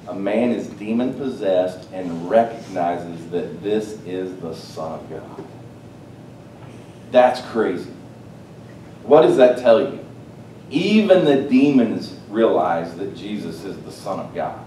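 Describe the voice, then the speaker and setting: A man preaching a sermon, swinging between loud, excited exclamations and hushed, quiet asides. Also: slow pace. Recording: roomy, distant mic with faint rumble.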